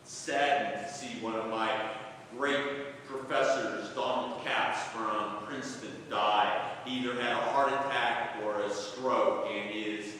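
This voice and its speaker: Measured pastor in an echoing sanctuary. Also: male voice, on the low side, fairly even intonation, fairly bright tone, a little hiss or hum. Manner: measured, reading scripture aloud with emphasis. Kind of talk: sermon. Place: large echoing church sanctuary. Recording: echoey church from far off.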